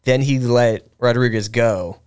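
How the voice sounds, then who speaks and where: A man's voice: medium pitch, fairly even intonation, measured pace, darkish tone, smooth. A young man co-hosting a podcast, telling a history story in a loose, rambling way with fillers, restarts and swearing. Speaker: podcast co-host. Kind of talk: casual conversational storytelling.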